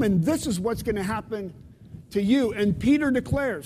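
A man's voice: high-pitched, expressive, moderate pace, a little mellow, long reverb tail. A man preaching a sermon to his congregation in a conversational way, putting questions to his listeners. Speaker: pastor. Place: church sanctuary.

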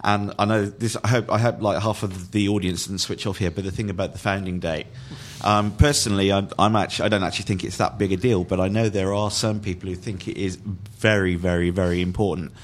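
A man's voice: low voice, fairly even intonation. A man on a football podcast, speaking carefully with lots of restarts and hesitations. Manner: halting, many restarts, careful. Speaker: podcast guest. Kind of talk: casual football podcast chat.

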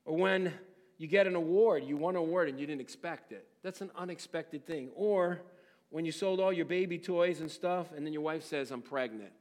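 A middle-aged male pastor delivering a sermon in a slightly higher voice. He tells stories with animated energy, swings up into excited exclamations and sinks into hushed, serious passages. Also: normal speed. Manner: animated storytelling, swings from excited shouts to quiet, somber tones.

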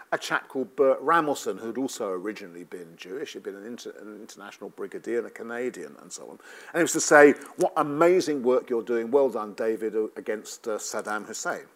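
A middle-aged English man with a light London lilt, telling wry personal stories and jokes to an audience. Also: medium pitch. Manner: wry, animated storytelling with joke delivery. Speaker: speaker giving a talk. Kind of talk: storytelling talk to an audience.

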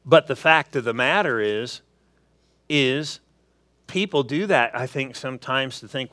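A man's voice: medium pitch, normal speed, no echo. A man preaching a sermon, telling everyday stories and acting out little asides to make his points. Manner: animated storytelling with acted asides.

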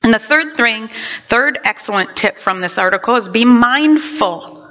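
Bright, high-voiced woman pastor preaching. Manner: animated preaching, quick asides. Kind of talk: sermon. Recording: dull lo-fi recording.

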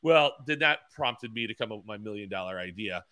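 A man's voice: on the low side, expressive, a little fast, sharp tone, dry recording. A man co-hosting a casual podcast, telling rambling stories and acting out what people said, with stammers and restarts. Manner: rambling storyteller, acts out quotes with stammers. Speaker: podcast co-host.

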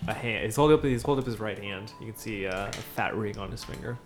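A man running a tabletop game as game master, narrating in a halting way with many fillers. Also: fairly low pitch, faint music behind.

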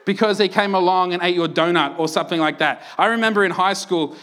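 A man's voice: high voice, quick pace, fairly bright tone. A young adult Australian man preaching a sermon in a conversational, self-mocking storytelling way, often asking "right?". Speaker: pastor.

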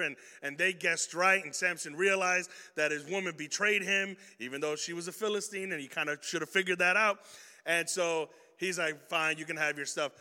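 Young male youth pastor, high bright voice, loose slangy storytelling, long hall reverb. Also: smooth. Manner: animated, slangy, swings from loud stories to hushed points. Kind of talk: energetic youth sermon with storytelling.

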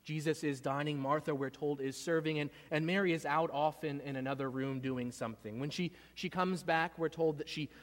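A man preaches a sermon in a somewhat high voice, earnest and storytelling. He often stumbles and repeats his words. A long reverb trails every phrase. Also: steady tone, fairly quick, few pauses. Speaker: pastor.

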